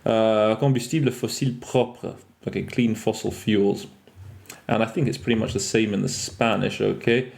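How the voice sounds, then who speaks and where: A man's voice: lowish voice, steady tone, normal speed, creaky, a little mellow. A man hosting a podcast lesson on interpreting vocabulary, chatty and self-correcting, mixing in French and Russian terms. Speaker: interpreter trainer. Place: lives in France.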